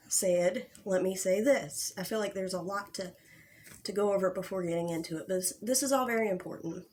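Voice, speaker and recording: Young female drama-channel host; casual, outspoken, swears freely, mid-range voice. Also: medium pitch. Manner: blunt and profane, with frequent restarts. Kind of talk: casual livestream commentary.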